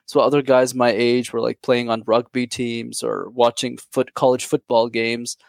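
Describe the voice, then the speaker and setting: A man with a faint Quebec accent, talking as a friendly guest in an interview. His voice has a gravelly edge, and he speaks quickly with restarts. The sound is close and dry. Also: medium pitch, level tone, no room sound. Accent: light Quebec. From Canada, Montreal. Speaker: guest, YouTube channel host. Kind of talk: casual interview chat.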